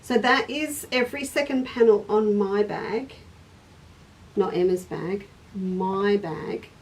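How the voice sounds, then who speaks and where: Speaking in a mid-range voice and taking her time, a craft shop host chats through a casual stitching livestream. She laughs, shows her work and answers viewer questions, recorded from a distant microphone.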